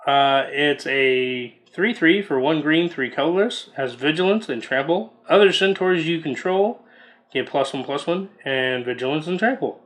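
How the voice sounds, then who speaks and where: A man's voice: on the high side, lively intonation, normal speed, fairly bright tone. A man casually reading out trading card text as he opens booster packs, musing aloud between cards. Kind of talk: casual unboxing commentary.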